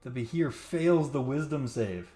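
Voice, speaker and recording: A man's voice: medium pitch, animated, measured pace, dark tone, faint music behind. A man narrating as game master for a tabletop roleplaying game, chatty and full of fillers.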